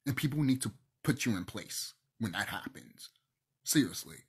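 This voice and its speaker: A man's voice: on the low side, big pitch swings, normal speed, breathy edge. A man hosting his own channel, ranting to camera in a heated, profane, preachy way. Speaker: channel host.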